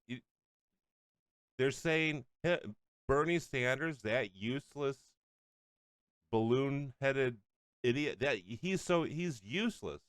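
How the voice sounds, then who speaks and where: A man's voice: medium pitch, a bit bright, no room sound, clean studio sound. A man hosting a political radio show, angrily ranting and mocking the clips he plays. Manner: ranting, mocking, often laughing. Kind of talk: angry political commentary over clips.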